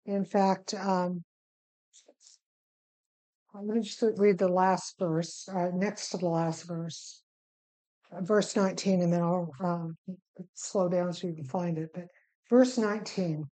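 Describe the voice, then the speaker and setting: Slow, mellow-voiced woman teaching scripture. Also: lowish voice, steady tone, poor audio. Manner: unhurried, gentle, with filler pauses; reads scripture slowly and deliberately. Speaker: Bible teacher. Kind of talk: devotional teaching and scripture reading.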